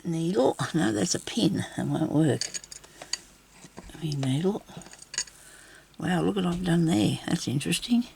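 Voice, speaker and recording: A woman's voice: fairly low pitch, lively intonation, a little slow, gravelly, pauses often, darkish tone, breathy edge. A woman with an Australian accent giving a casual craft tutorial at her craft table. She rambles and mutters to herself while she works. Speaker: craft video host.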